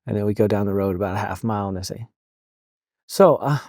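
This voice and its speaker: A man who counsels police officers, talking casually in a podcast interview, halting, with many fillers and restarts. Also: lowish voice, flat delivery, creaky, mellow, no room sound, clean studio sound.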